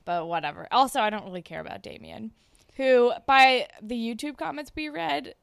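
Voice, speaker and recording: A woman's voice: a little high, normal speed, gravelly, clear, resonant tone, dry recording, clean studio sound. A young woman co-hosting a podcast, chatting casually and recapping a TV episode, animatedly acting out the characters' lines. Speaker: podcast co-host.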